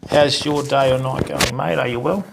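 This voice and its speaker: A man's voice: medium pitch, fairly even intonation, moderate pace, vocal fry, background noise. An Australian man hosting a casual live stream, chatting to viewers and calling them mate and bud. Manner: friendly, greets viewers by name, calls people mate and bud. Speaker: fishing stream host.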